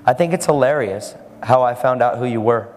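A man's voice: medium pitch, a little fast, a little mellow, big-room sound. A man preaching a sermon, telling a story and acting out the lines of the people in it.

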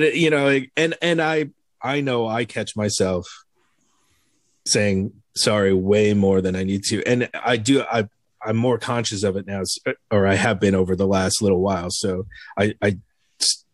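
A man co-hosting a podcast chats casually, laughing often and restarting his rambling thoughts. His voice is on the low side at a moderate pace, recorded at studio quality with no room sound.

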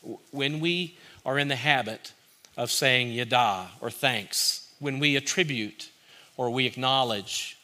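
A man delivers a sermon with a bright, forceful tone and a voice pitched in the middle range. He preaches earnestly but conversationally, leaning on repeated phrases to drive each point home. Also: a little slow. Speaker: pastor.

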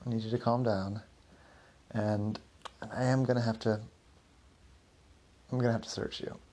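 A man voicing a steady police officer who speaks in a calm, procedural way. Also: fairly low pitch, moderate pace, close to an everyday voice. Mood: firm.

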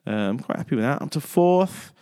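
A smooth-voiced man talking a little fast hosts a relaxed sports chat on the radio. His delivery is playful and cheerful, with lively ups and downs in pitch.

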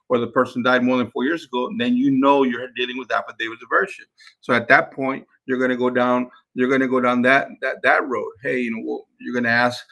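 A man's voice: mid-range voice, level tone, brisk, gravelly, fairly bright tone. A man, hosting a podcast and giving an instructional talk, emphatic and repeating himself as he addresses the listeners as guys. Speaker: podcast host and sales trainer.

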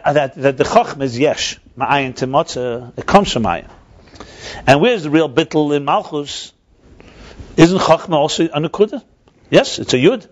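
Male teacher for a study class: explains as he goes, restarts often, average pitch, dull recording. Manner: thinks aloud with frequent restarts; explanatory, asks and answers himself. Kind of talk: text-study class lecture.

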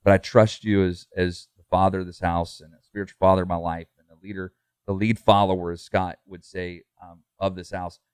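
A man's voice: low voice, little pitch movement, a little fast, clean tone, no echo. A middle-aged man, a pastor, talking earnestly in a casual podcast conversation, full of fillers and restarts.

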